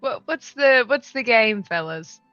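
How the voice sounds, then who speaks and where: A woman playing a tabletop game, relaxed and playful. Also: on the high side, unhurried, no echo, dull audio, faint music behind. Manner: relaxed and playful, laughing between lines. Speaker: player.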